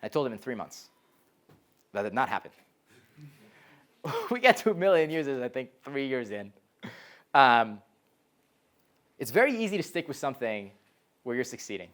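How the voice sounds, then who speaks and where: A young man giving a live talk to a college class as a startup founder, telling stories in a lively way, full of "like" and "um," and acting out quoted voices. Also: mid-range voice, normal speed, long pauses. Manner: lively storyteller, frequent "like" and "um", animated quoted voices.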